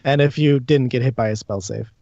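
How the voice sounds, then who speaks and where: A man narrating as dungeon master in a tabletop game, lively and quick to laugh, now and then jumping into shouted character voices. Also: medium pitch, gravelly, dry recording, lo-fi sound.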